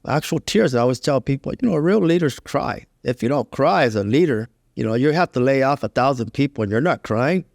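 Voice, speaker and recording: A man's voice: mid-range voice, lively intonation, fairly quick, vocal fry, few pauses, dry recording, studio quality. A middle-aged man, a guest telling his life story in a candid, conversational way, full of "you know" fillers.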